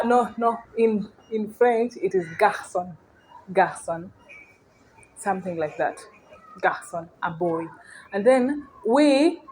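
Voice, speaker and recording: A woman's voice: medium pitch, low-quality recording. Woman teaching words, faint noise. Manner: repeats words slowly, often checks "you getting me?". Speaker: language teacher. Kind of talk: casual language lesson.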